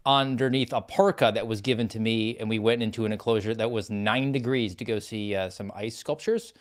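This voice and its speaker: Male co-host with a mid-range voice and a dry, self-mocking storytelling manner. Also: mid-range voice. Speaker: podcast co-host. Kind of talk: casual podcast chat.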